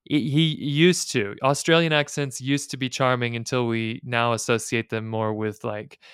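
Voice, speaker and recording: Smooth-voiced man chatting on a podcast. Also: mid-range voice, level tone, fairly bright tone, dry recording, studio quality. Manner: chatty, quick asides and jokes. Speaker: podcast co-host. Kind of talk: casual chat.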